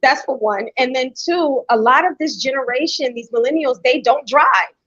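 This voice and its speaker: A woman's voice: high-pitched, moderate pace, dry recording. A middle-aged woman hosting a podcast, telling a heartfelt story in casual conversation and acting out the quotes. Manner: animated storyteller, acts out quotes. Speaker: podcast host. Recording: dry, dull lo-fi sound.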